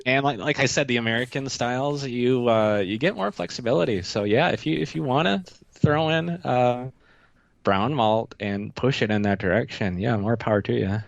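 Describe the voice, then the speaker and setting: A man's voice: medium pitch, moderate pace, vocal fry, dry recording, dull audio. A man speaking as a guest brewer in a casual chat, easygoing with frequent fillers.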